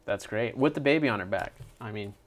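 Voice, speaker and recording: A man co-hosting a casual movie review, blunt and animated, swearing freely. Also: on the low side, fairly quick. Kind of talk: casual chat.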